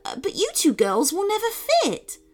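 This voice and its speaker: A woman's voice: very high voice, wildly swooping pitch, moderate pace, voice pushed up, exaggerated voice. A woman voicing a clumsy, hungry, good-natured male bear who sounds bumbling and eager.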